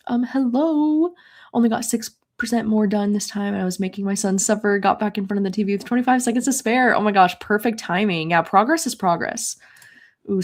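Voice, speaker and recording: Young woman, livestream host, casual and excitable chatter, mid-pitched voice. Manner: chatty and excitable, many "like" fillers. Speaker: host reading chat comments during a live readathon.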